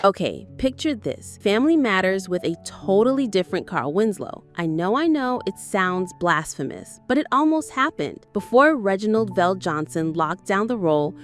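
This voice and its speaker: A woman narrating a countdown video at a mid-range pitch, sounding chatty and hyped and tossing in playful asides. Soft music plays quietly under her voice. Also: big pitch swings, normal speed, hardly any pauses. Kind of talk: scripted narration.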